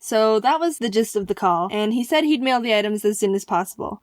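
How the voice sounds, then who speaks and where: A woman tells an animated storytime, excitable and quick to slip into playful voices for the people she quotes. Her voice sits a little high, and the recording is dry with no room sound. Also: dry recording.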